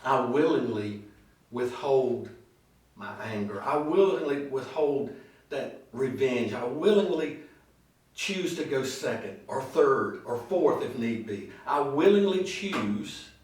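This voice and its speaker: A man preaches in a very echoey church sanctuary, heard from some distance off the mic. He tells stories with lively acted voices and slows right down to stress his main points. His pitch sits in the middle range for a man. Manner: storytelling preacher, slow emphatic phrases, acts out quoted voices. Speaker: pastor. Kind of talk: sermon.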